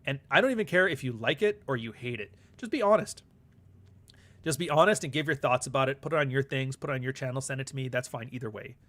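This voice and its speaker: A man's voice: mid-range voice, quick pace, a bit bright. A man hosting his own podcast, talking in a rambling, candid, casual monologue and swearing freely. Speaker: podcast host and author.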